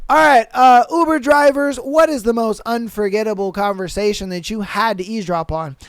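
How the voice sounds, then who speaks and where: A man's voice: very high voice, expressive, normal speed, few pauses, no echo, studio quality. A man hosting a podcast, reading stories aloud and reacting with slangy, laughing commentary. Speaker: podcast host.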